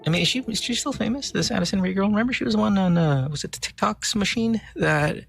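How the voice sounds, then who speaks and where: A man's voice: high-pitched, fast talker, creaky, husky, no room sound, studio quality. Guy doing morning radio, jokey and loose, some music faint underneath. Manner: loose, joking, banters with co-hosts. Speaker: radio host. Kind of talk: morning radio chat, reading listener shout-outs. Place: radio studio.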